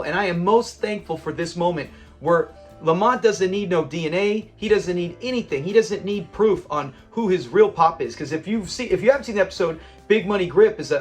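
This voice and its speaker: A man hosting a classic TV reaction channel, talking in an enthusiastic, rambling and sentimental way. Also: high-pitched. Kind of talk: casual commentary.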